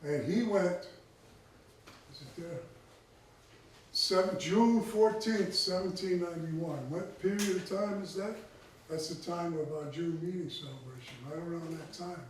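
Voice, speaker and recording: Speaking at a measured pace in a fairly high voice, a tribal chief delivers a lecture in a conversational tone, frequently checking in with those listening. It's recorded from a distance in a room full of echo.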